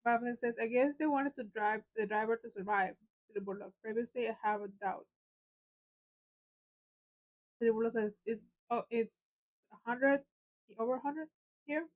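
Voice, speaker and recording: A woman's voice: a little high, normal speed, pauses often. A woman co-hosting a casual live stream. She reads viewer chat messages aloud in a playful way. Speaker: co-host reading viewer comments. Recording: dull lo-fi sound.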